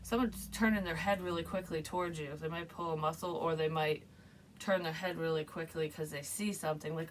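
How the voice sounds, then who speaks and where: A woman giving a casual, rambling tarot reading to her viewers, chatty and quick to laugh. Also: sits low, fairly even intonation, a little hiss or hum. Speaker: tarot reader.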